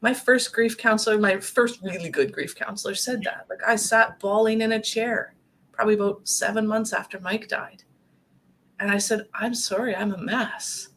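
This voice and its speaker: A woman talks in an earnest, gentle way, drawing on her own life. Her voice has a gravelly, fry-tinged edge at a middle pitch. Faint noise sits under the recording. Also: fairly even intonation, normal speed. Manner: gentle, earnest, speaks from personal experience. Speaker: guest speaker on grief. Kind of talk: conversational talk show discussion.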